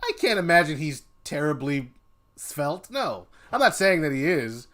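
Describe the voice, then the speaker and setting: A man's voice: on the high side, very animated, unhurried, a bit bright. A man hosting a casual work stream, playful and jokey as he chats. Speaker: streamer host.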